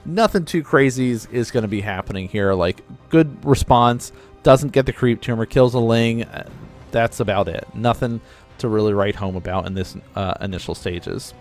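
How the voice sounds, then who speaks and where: A man's voice: mid-range voice, normal speed, a little mellow, faint music behind. A man giving casual play-by-play commentary on a real-time strategy match, explaining the strategy as he goes. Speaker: game caster.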